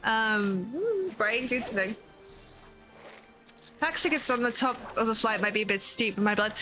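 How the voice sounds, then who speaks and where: A woman's voice: a little high, expressive, measured pace, bright, forceful tone, soft background music. An Australian woman chatting casually to viewers on a live game stream, swearing freely and thanking viewers as she plays. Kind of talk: casual live-stream chat while gaming.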